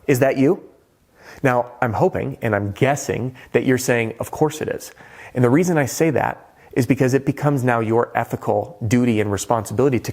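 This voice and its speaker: A roofing sales trainer gives an animated sales training talk directly to camera, playing with pauses and tone. He has a mid-range voice.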